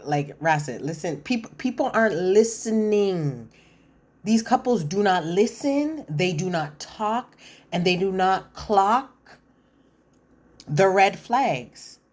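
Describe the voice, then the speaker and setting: A woman's voice: medium pitch, a little mellow. A woman giving casual, opinionated commentary on a reality show. She is chatty, often says "listen" and acts out the quotes.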